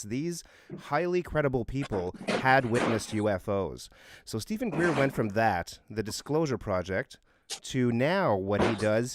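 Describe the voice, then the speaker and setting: A man's voice: mid-range voice, a little hiss or hum. A man co-hosting a casual podcast, telling a story earnestly with frequent fillers and restarts. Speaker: co-host.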